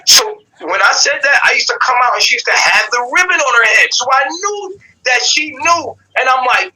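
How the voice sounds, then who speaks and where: A man's voice: very high-pitched, very animated, moderate pace, sharp tone, rough recording. A man hosting a live call-in show, telling a long personal story with lots of slang and swearing, acting out what each person said. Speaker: show host.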